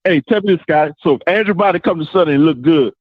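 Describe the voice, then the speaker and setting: Needling high-voiced man on a dull line. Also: fast talker, crowd noise. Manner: needling, repeating questions.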